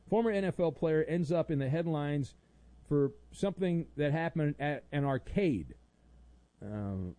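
Middle-aged radio host guy, lively and mellow, dry studio sound. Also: mid-range voice, no echo. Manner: wry, rambling, sarcastic asides. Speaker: radio talk show host. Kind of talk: sports talk radio.

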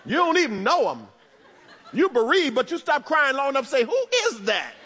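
A man preaching a sermon as pastor, in a conversational style with humorous asides, swinging between loud emphasis and hushed tones. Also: very high-pitched, big pitch swings, brisk, slight background noise. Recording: long reverb of a large hall.

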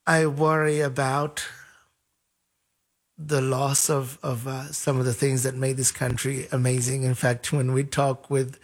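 A man from Africa, a guest in an interview, telling stories in a lively way, acting out the people he quotes and often repeating words. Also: mid-range voice, unhurried. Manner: animated, acts out quoted voices, repeats words. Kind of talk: conversational storytelling.

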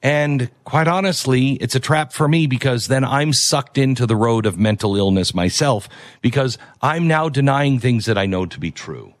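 A man's voice: medium pitch, lively intonation, normal speed, dry recording, studio quality. A man hosting an opinionated commentary show, talking emphatically and repeating key phrases.

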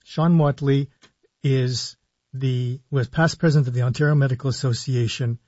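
A man, a physician hosting a live call-in radio show, explaining in a measured way with slow emphasis on key words. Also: medium pitch, fairly even intonation, warm tone, no echo, highs cut off. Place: radio studio.

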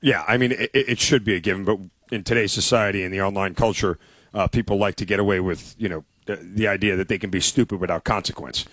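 A man's voice: on the low side, fairly even intonation, quick pace, a bit bright, no echo. Enthusiastic male sports talk co-host. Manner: enthusiastic storyteller, repeats himself.

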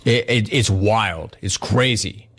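A man on the radio telling a casual story, acting out the people in it with lively swings in his voice. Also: fairly low pitch, slow. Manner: animated, acts out both sides of the story. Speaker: radio host.

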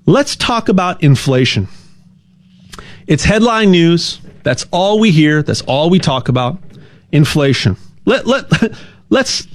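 A man giving a casual, rambling sales pitch, stumbling over repeated words and cracking jokes. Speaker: gold sales ad host.

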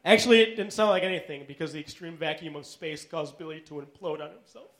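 High-voiced deadpan male comic. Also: fast talker, noisy background. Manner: dry, deadpan wordplay. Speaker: stand-up comedian. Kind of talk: stand-up comedy set.

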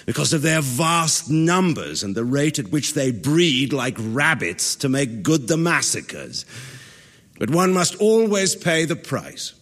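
A spoiled young king in a radio drama, his voice bounding up and down in pitch as he teases and sulks. He sounds petulant and playful, heard with a long, lingering reverb around him. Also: fairly bright tone, slightly rough, full character voice. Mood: wistful. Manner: teasing, petulant, swings between wistful and mocking. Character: capricious, pleasure-loving young medieval king.

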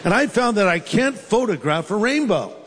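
A man preaches in a large church hall, his voice sitting high for a man. He tells stories and drops in humorous asides. A long reverb trails each phrase. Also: big pitch swings, moderate pace, a bit bright, breathy edge. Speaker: pastor. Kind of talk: sermon.

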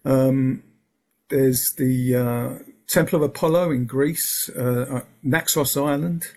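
Gravelly, husky man rambling in casual talk. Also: mid-range voice, steady tone, slow, darkish tone. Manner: rambling, restarts often, fills with um and yeah. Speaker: guest. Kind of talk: casual interview chat. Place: lives in England.

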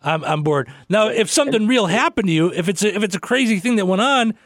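A man's voice: sits high, lively intonation, fast, fairly bright tone, no room sound, studio quality. A man hosting a radio interview, chatty and conversational as he asks questions. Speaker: radio host.

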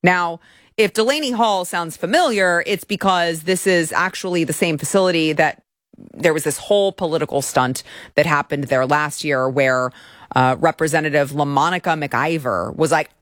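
A woman's voice: low voice, normal speed, fairly bright tone, dry recording, clean studio sound. A woman hosting a political commentary show, speaking in a sarcastic, indignant tone. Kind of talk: opinionated commentary.

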